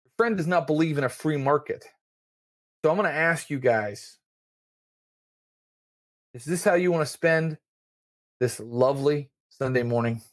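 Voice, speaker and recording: A man's voice: on the high side, expressive, unhurried, pauses often. A man voicing a menacing young male drug dealer who threatens with a gun. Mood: smooth threatening. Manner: sneering, smooth-talking threats.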